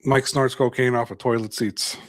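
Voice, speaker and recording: A man's voice: mid-range voice, little pitch movement, moderate pace, dry recording. A man from Canada co-hosting a sports podcast, talking in a sarcastic, ranting, jokey way. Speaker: podcast co-host. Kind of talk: casual chat.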